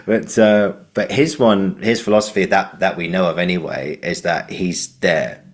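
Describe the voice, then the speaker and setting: A man's voice: sits low, moderate pace. A man hosting a podcast who tells a casual, rambling anecdote full of fillers. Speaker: podcast host.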